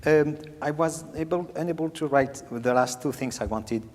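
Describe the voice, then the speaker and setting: A man's voice: on the high side, normal speed. A man teaching a piano master class, singing out phrases and joking as he coaches. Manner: animated, sings out phrases, playful. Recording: reverberant hall, faint piano.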